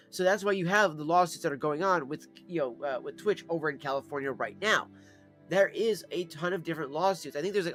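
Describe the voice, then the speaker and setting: A man rants on a live stream, exasperated and swearing freely as he talks. His voice sits somewhat high for a man. Faint background music plays underneath. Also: fairly bright tone. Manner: profane, exasperated ranting. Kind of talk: casual live-stream rant.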